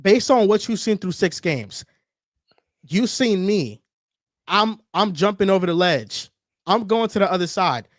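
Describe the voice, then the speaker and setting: A man hosting a casual sports debate show, talking in an animated, teasing, emphatic way. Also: high-pitched, a little slow, no room sound, studio quality. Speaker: sports talk show host.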